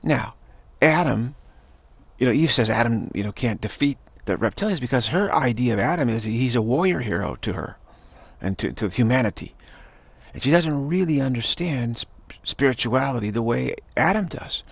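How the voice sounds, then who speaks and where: A man's voice: mid-range voice, lively intonation, normal speed, vocal fry, husky, no room sound. A man giving a rambling spiritual talk, telling a story and repeating phrases for emphasis. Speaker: spiritual teacher.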